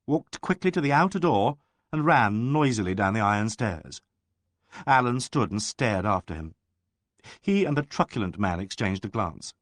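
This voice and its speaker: A man narrating a mystery audiobook in an expressive, animated reading. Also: lowish voice, dry recording, studio quality.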